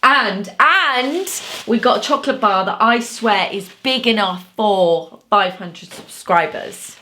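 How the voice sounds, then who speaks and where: A woman, an artist hosting her own channel, chatting casually to subscribers in her home studio, expressive and quick to laugh, with frequent murmured asides. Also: medium pitch, a little hiss or hum. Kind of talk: casual vlog chat to subscribers.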